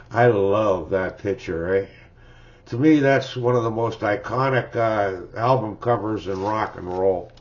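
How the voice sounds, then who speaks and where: Speaking slowly in a lowish voice, an older music-collector vlogger rambles fondly through his records, chuckling and tacking "eh?" onto his lines. The recording, made at home, is dull and lo-fi.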